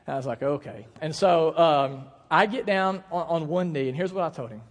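Man preaching in a reverberant church hall. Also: a little high. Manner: earnest, emphatic preaching with slowed stress on key words; lively storytelling with playful asides. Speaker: pastor. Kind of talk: sermon. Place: church sanctuary.

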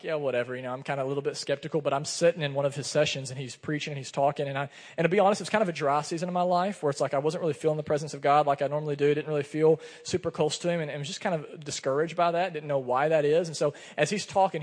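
A man preaching a sermon as pastor, earnest and conversational, telling personal stories. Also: mid-range voice. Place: church sanctuary. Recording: long reverb of a church hall.

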